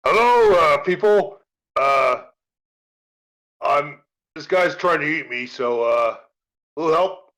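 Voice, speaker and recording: A man voicing a nonchalant adult male half-orc adventurer who stays calm and understated even in danger. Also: a little high, slow pace, long pauses, poor audio.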